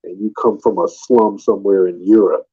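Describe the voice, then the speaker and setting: His pitch is fairly low, his tone dark and slightly rough, with fairly even intonation at a moderate pace. As host of a live call-in audio stream, he mocks callers and repeats his questions in combative fashion, heard via muffled lo-fi audio.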